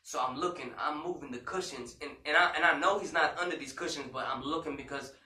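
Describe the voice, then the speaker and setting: A man's voice: a little high, fast talker, pushed and bright. A man co-hosting a casual talk show, retelling a frightening story in an emotional way, with lots of "you know" and "man" fillers. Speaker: podcast co-host. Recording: roomy echo, far from mic, faint background noise.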